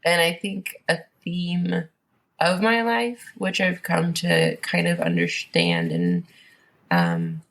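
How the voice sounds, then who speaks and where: A woman's voice: fairly low pitch, animated, takes it slowly, gravelly, fairly bright tone. A woman guest on a podcast, telling her story in a rambling, casual way with many fillers and restarts.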